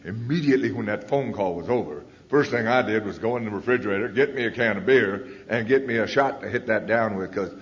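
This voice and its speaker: A man's voice: fairly low pitch, fairly quick, few pauses. Male speaker, live testimony at a podium mic, candid and folksy; muffled old tape, reverberant hall. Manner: folksy, candid storytelling with fillers. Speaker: speaker sharing his story. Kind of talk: live personal testimony talk. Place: large convention hall. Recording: long hall reverb, dull lo-fi 1990s tape.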